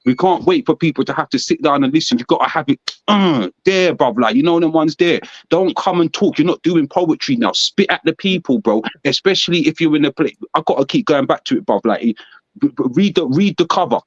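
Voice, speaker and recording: A man's voice: on the high side, a little fast, no room sound, highs cut off. Emphatic man in casual chat. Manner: emphatic, repetitive, peppered with slang.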